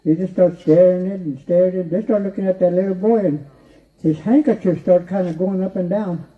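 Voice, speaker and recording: A man with a high-sitting, steady voice tells a story at a brisk pace, rambling and repeating himself while often chuckling. The oral storytelling is captured in a distant, dull lo-fi recording.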